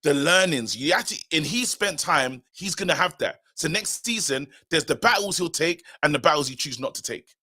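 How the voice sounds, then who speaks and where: Casting: animated male fan co-host, fairly high, bright voice. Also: moderate pace, hardly any pauses. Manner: animated, emphatic, repeats himself. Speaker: co-host of a football fan show. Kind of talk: casual live-stream chat.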